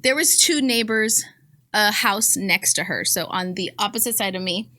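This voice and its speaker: A woman in her thirties with a Southern Californian accent, co-hosting a podcast and telling a story in a casual, animated way, often laughing. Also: mid-range voice, moderate pace. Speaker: podcast co-host.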